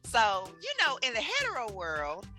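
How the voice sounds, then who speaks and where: A bright, animated woman with a Southern US accent tells her stories as a podcast guest. Her pitch swings widely as she acts out the voices of other people and laughs along the way. Faint music sits behind her. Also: moderate pace. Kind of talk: animated storytelling in casual chat.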